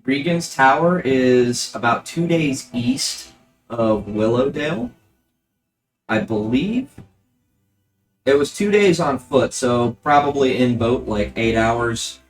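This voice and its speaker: Man, game master, easygoing narration, lots of ums, mid pitch. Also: slow pace. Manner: relaxed, rambling narration with fillers.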